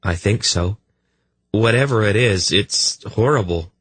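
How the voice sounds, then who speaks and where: A man's voice: fairly low pitch, a little slow, a bit bright, husky, no room sound, pitched above the performer's own voice. A man voicing a shaken young man in an audiobook, speaking in a subdued, sick voice. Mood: sickened. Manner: queasy, subdued.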